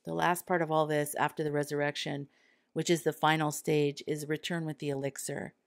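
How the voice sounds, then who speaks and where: A woman's voice: low-pitched, level tone, a little fast, dry recording, studio quality. A woman hosting her own podcast, talking earnestly and candidly, sometimes acting out quoted thoughts. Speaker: podcast host. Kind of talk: solo podcast monologue.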